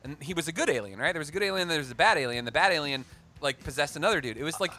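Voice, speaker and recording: Fast-talking excitable man co-hosting. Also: a little high. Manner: rambling, excitable, self-deprecating. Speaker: podcast co-host. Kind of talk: casual chat.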